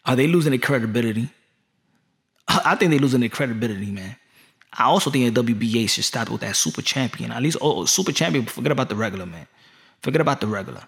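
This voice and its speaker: A man's voice: mid-range voice, lively intonation, fast, vocal fry, a bit bright. A man ranting casually as a boxing vlogger, rambling and joking with plenty of swearing. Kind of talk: casual rant.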